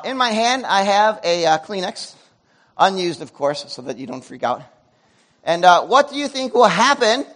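A man preaching a sermon to a congregation, animated, with loud emotional peaks and quiet asides. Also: sits high. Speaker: pastor. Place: church sanctuary before a congregation.

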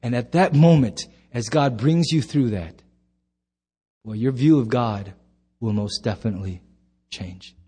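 A middle-aged man preaching a sermon as pastor, emphatic, swinging from loud bursts to hushed low lines. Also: measured pace, pauses often, slightly rough.

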